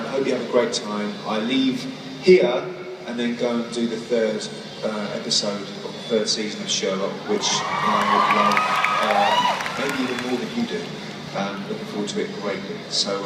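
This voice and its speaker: A man's voice: lowish voice, distant mic, very noisy. A man giving a teasing, mock-serious video greeting. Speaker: actor in a recorded video greeting. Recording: video played in a loud echoey hall, filmed from afar on a phone.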